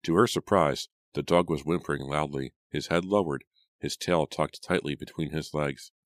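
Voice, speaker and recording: A man narrating an audiobook in a steady, measured storytelling manner. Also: very deep voice, no echo. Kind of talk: scripted narration.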